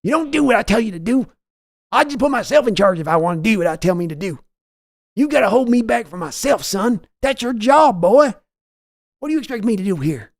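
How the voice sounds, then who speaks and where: A man doing a bossy old team owner, yelling. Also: high-pitched, expressive, a little fast, no room sound, clean studio sound, voice pushed up. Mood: scolding. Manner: yelling, scolding, domineering. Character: bossy older male team owner scolding his son.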